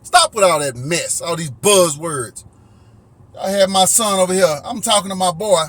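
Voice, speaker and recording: A man's voice: high-pitched, moderate pace, a bit bright. A middle-aged man giving a heated, preachy opinion monologue, swearing and restarting as he makes his points. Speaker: commentary vlogger.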